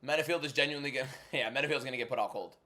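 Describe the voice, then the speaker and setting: A man's voice: medium pitch, bright, forceful tone. Young man chatting on a fight watchalong. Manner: chatty, frank, quick opinions, reads viewer questions aloud. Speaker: livestream host. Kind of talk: casual watchalong chat, answering chat.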